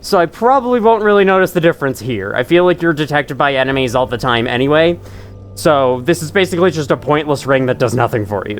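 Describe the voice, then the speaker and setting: A man's voice: medium pitch, big pitch swings, a little fast, faint music behind. Chatty young man playing a game. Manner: chatty, self-mocking, wandering asides. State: runny nose from allergies. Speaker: gaming channel host. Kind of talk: casual let's-play commentary.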